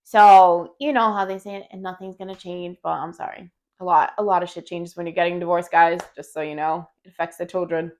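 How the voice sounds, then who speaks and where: A woman's voice: lowish voice, steady tone, fairly quick, few pauses, darkish tone. A woman co-hosting a podcast, telling a story in casual chat, blunt and profane, and laughing often. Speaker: podcast co-host.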